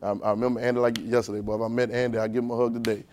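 A male preacher giving a conversational sermon, talking directly to his congregation and swinging between quiet, low asides and loud emphasis. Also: little pitch movement, very fast, slight background noise.

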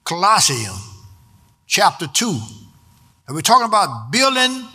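A man's voice: sits high, sing-song, measured pace, sharp tone, slightly rough. A man preaching a sermon, in a rhythmic delivery that drifts into half-singing and draws out key words. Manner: rhythmic preaching, sometimes half-sung, stretched words for emphasis.

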